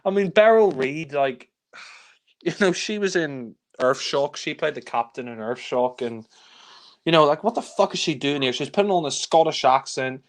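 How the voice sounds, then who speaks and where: A man's voice: expressive, normal speed. Exasperated swearing man ranting about films. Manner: exasperated, swears a lot, mimics characters in high shouts. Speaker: film reviewer. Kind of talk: casual film discussion.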